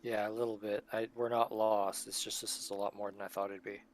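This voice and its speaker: A man playing a tabletop game with friends, chatting casually in quick, joking banter. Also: fairly low pitch, level tone. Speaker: player.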